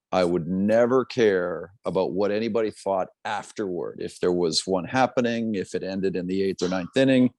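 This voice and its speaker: Middle-aged male sportscaster, animated storyteller, lower voice, dry booth sound. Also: dry recording. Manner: animated storyteller, acts out quotes. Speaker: sportscaster guest. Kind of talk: storytelling interview.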